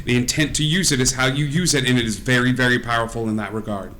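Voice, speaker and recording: A man's voice: medium pitch, steady tone, fast talker, fairly bright tone, a little hiss or hum, lightly acted. A man voicing an earnest female toy character who warns insistently, stumbling over repeated words.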